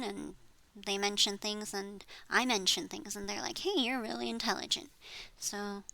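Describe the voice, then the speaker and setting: A woman's voice: medium pitch, bright, forceful tone, poor audio. A woman in her thirties rambling in a personal vlog, frustrated, trailing off and swearing as she vents. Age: 30s. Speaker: vlogger. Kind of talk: rambling personal venting monologue.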